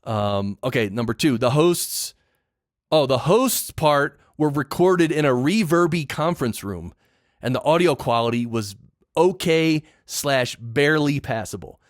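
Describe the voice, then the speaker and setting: This podcast host is an opinionated man ranting through a casual solo monologue, repeating points for emphasis. He speaks unhurriedly in an expressive, medium-pitched voice, with studio-quality sound and no room echo.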